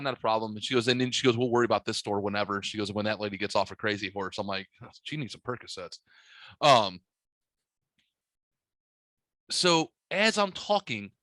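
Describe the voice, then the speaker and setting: A man's voice: mid-range voice, a bit bright, dry recording. A man hosting a podcast, telling a long story in casual chat, swearing freely and acting out the dialogue. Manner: profane, rambling, acts out dialogue in his stories. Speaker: podcast host.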